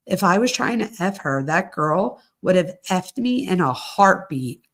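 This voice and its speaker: A woman's voice: lowish voice, animated, slow, a bit bright. A woman hosting a true crime channel, reading text messages aloud and reacting in slangy, outspoken casual commentary. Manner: slangy, reactive, speaks her mind.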